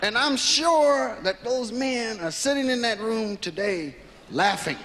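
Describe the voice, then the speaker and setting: A man telling a stand-up comedy story, profane and animated. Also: very high voice, a little slow, background noise.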